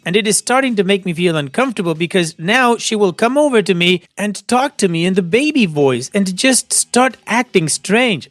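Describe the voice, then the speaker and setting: A man's voice: sits high, a bit bright, dry recording. A man narrating online posts aloud and adding friendly, advice-giving commentary between them.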